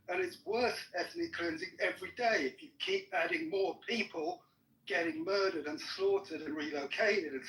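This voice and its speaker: A high, bright-voiced man argues in a furious rage, swearing in nearly every sentence and cutting the other person off. The sound is roomy and echoey. He is picked up from some distance from the mic. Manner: furious, swearing constantly, shouting down his opponent. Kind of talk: heated argument.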